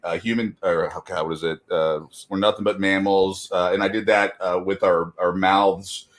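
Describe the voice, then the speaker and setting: A man's voice: sits low, fairly even intonation, normal speed. A middle-aged man chatting casually as a guest, rambling with lots of fillers and laughing at himself often. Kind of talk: casual chat.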